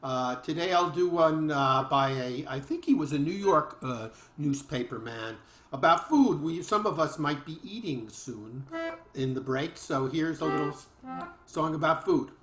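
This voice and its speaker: A man's voice: a little high, expressive, unhurried, fairly bright tone, roomy sound, soft background music. A man on a video call, casually introducing a folk song and then singing it. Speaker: folk singer.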